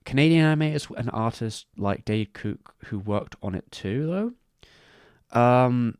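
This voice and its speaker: A man's voice: mid-range voice, lively intonation, unhurried, a little mellow, clean tone, no room sound, studio quality. A man streaming live, talking casually about animation credits, with many restarts and asides. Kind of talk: casual livestream commentary.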